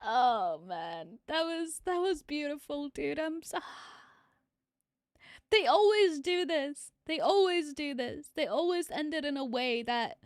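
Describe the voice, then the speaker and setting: Tearful high-voiced woman streamer, gravelly. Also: animated, slow, dry recording, studio quality. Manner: emotional, swearing, laughing often. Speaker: streamer reacting to a video. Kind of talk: casual live reaction.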